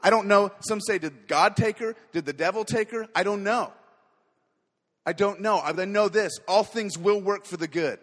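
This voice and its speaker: A man preaches with fervent energy, dropping to quiet asides and then rising to loud declarations. His voice sits high for a man. The sound rings with the long reverb of a large hall. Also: moderate pace. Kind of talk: sermon.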